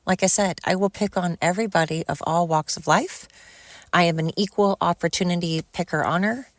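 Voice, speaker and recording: A woman's voice: on the low side, fairly quick, dry recording. A middle-aged woman hosting a solo podcast, rambling and heartfelt, swearing freely as she vents and then thanks her listeners. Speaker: podcast host.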